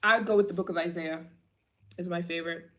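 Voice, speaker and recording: A woman chatting casually on a livestream Q&A, her voice sitting a little lower than most. She talks in a gushing, chatty way, packed with filler words. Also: steady tone, fairly quick, a bit bright. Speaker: travel channel host.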